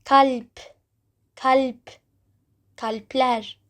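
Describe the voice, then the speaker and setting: High, slow female teacher, patient and repetitive, walking beginners through pronunciation. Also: level tone. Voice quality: non-native English, simple phrasing with small grammar slips. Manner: patient, repeats words several times, drawn-out pronunciation examples. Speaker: Turkish language teacher. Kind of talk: slow explanatory language lesson.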